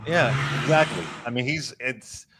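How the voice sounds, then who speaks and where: A man sits in as host of a political commentary show, his voice pitched right in the middle. He talks with heated, emphatic conviction and often repeats a word to drive his point home. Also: steady tone, moderate pace, heavy background noise. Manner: impassioned, emphatic, repeats words for stress. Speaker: guest host.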